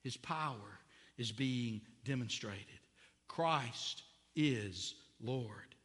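A man preaching a sermon who climbs to loud, high emphasis at key points. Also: drawn-out words, slightly rough. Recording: long reverb of a large hall.

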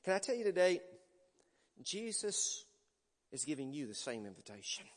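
A male pastor preaching a sermon emphatically, swinging from loud declarations to hushed words. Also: fairly high pitch, very animated, normal speed, long reverb tail.

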